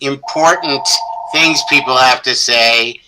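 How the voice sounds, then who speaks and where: A man appearing as a guest on a talk show, speaking in a measured, hesitant way with many fillers. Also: medium pitch. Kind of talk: casual interview chat. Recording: faint background noise.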